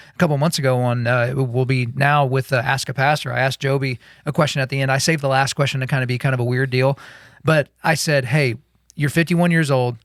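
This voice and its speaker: A man's voice: mid-range voice, no room sound, clean studio sound. A man co-hosting a podcast, talking casually about a Bible passage and acting out imagined scenes as he tells them. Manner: animated storyteller, acts out imagined scenes. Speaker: podcast co-host.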